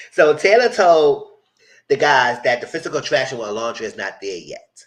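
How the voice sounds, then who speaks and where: A man giving a casual, animated live recap of a reality show, full of quoted asides. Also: mid-range voice, normal speed, poor audio.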